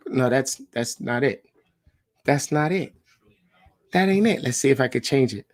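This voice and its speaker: A man with a mid-range voice runs a live coaching stream as a sales director. He talks in a hyped, slangy way and keeps shouting out viewers by name. His voice jumps up high whenever he gets excited, and it is picked up on a computer mic. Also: measured pace, long pauses, dry recording, clean studio sound. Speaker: sales director leading a live call session.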